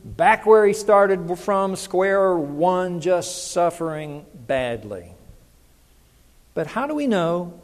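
High-voiced preacher in a reverberant hall. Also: male voice, darkish tone. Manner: conversational, asks the congregation questions. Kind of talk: sermon.

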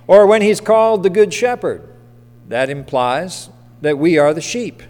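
Male pastor, casual sermon, asks the congregation questions, slightly high voice, long church-hall reverb. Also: lively intonation, unhurried, a little mellow. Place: church sanctuary.

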